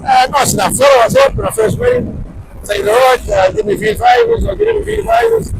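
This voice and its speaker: An Australian man spins a casual, rambling yarn for his vlog, his high, gravelly voice leaping all over the place and often going loud. Clear street and traffic noise sits behind him outdoors. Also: sing-song, brisk, crowd noise. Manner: chatty, rambling anecdote with loud emphatic bursts. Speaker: vlogger. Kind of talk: casual storytelling to camera.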